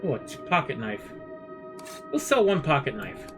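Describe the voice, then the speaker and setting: A man's voice: mid-range voice, huge pitch swings, moderate pace. A man streaming a horror game, muttering commentary to himself, swearing often and breaking into sudden outbursts. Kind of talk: casual gameplay commentary. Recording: game music under the voice. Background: game music.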